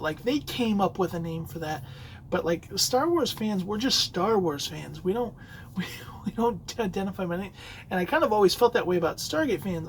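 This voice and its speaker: A man's voice: high-pitched, slight background noise, low-quality recording. A man hosting a solo podcast, telling a rambling story with many fillers and restarts. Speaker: podcast host. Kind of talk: casual solo podcast talk.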